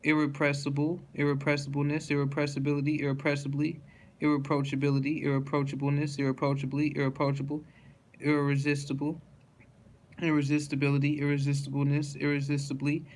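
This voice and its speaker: A man's voice: a little high, completely flat delivery, fairly quick, darkish tone, a little hiss or hum. A man reading a dictionary word list aloud, one word at a time, with small stumbles and restarts.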